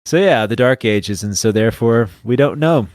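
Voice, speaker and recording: A man's voice: mid-range voice, normal speed, darkish tone, dry recording. A man co-hosting a casual book podcast, rambling and stopping to search for names as he talks. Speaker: podcast co-host. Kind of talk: casual chat.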